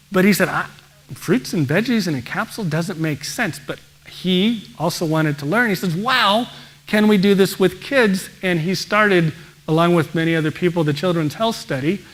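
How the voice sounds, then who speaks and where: Brief: male pediatrician presenter, upbeat and exclamatory, slightly high voice. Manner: energetic, exclaims wow often. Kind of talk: enthusiastic presentation talk.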